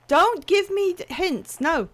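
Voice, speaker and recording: A woman streams a video game and chats casually with her viewers, swearing, laughing and reacting while she plays. Her voice is very high-pitched and expressive, and she takes things at a slow pace.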